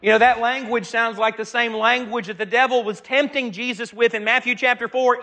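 High, bright-voiced preacher man. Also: steady tone. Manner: earnest, slows down and swells for emphasis. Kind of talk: sermon with scripture reading.

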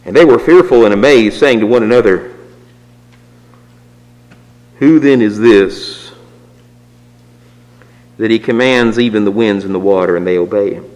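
A man preaching a sermon, swinging from raised emphatic lines to low, quiet asides. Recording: long reverb of a hall.

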